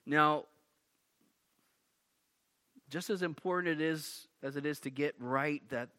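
Emphatic high-voiced male preacher. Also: takes it slowly, sharp tone, smooth. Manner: emphatic, restarts and repeats words. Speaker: pastor. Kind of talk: sermon.

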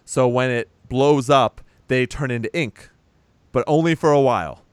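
Smooth-voiced man, casual profane movie recap. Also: mid-range voice, normal speed, dry recording. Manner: loose and profane, laughs while retelling scenes. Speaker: podcast co-host recapping a film. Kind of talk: casual chat.

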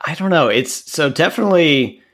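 A man's voice: fairly high pitch, animated, normal speed, a bit bright. A man from Texas in his thirties talking in a casual interview, thoughtful and hesitant, with many fillers and restarts. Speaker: guest.

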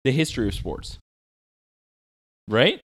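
A man's voice: mid-range voice, huge pitch swings, slow, a bit bright. A man co-hosting a podcast, explaining a sports match step by step in laid-back casual chat. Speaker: podcast co-host.

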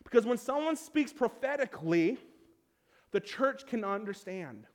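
A man with a high voice delivers a sermon in a relaxed, conversational way, stumbling and repeating words as he goes. His voice rings out with a long reverb, as in a large church hall. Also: measured pace. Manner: conversational preaching with repeated restarts. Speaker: pastor.

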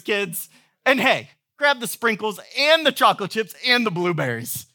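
A man's voice: extremely high pitch, lively intonation, moderate pace, sharp tone. A man in his thirties preaching a sermon as pastor, telling stories in a playful, humorous way. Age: 30s.

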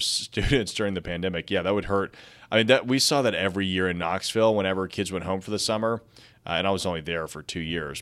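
A man's voice: low voice, a bit bright. A young man hosting a casual real estate news show, reading articles aloud and breaking in with chatty asides. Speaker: podcast host. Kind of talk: casual market news commentary.

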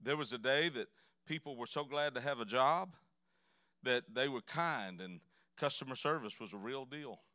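A man's voice: mid-range voice, moderate pace, pushed and bright, clean tone, no room sound, studio quality. A man preaching a sermon in a church, telling folksy, joking stories. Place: church sanctuary.

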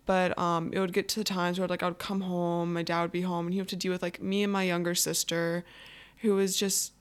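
A teenage girl telling her own personal story in a halting way, full of fillers. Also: fairly low pitch, level tone, smooth. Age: teens. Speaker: anonymous guest.

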